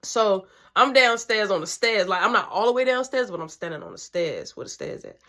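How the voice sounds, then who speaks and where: A woman's voice: mid-range voice, sing-song, a little fast, sharp tone. A young woman telling a family story in a casual, slangy, profane way, acting out the voices.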